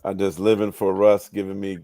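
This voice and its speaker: A man's voice: low-pitched, completely flat delivery, a little fast, warm tone. A man joining a live talk show as a guest, easygoing and joking. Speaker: guest sports writer. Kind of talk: casual interview chat.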